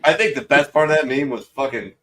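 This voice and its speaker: A man's voice: medium pitch, brisk, a bit bright, a little hiss or hum. A man hosting a casual online chat, joking and swearing as he reads memes aloud and laughs at them. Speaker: show host reading memes.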